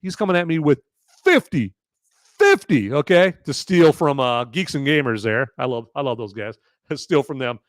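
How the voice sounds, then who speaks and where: A man's voice: fairly high pitch, big pitch swings, normal speed, no echo, clean studio sound. A man hosting a live-stream podcast as he reviews a movie, talking casually and rambling, often repeating words and tagging "okay?" onto his points. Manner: thanks viewers by name for donations.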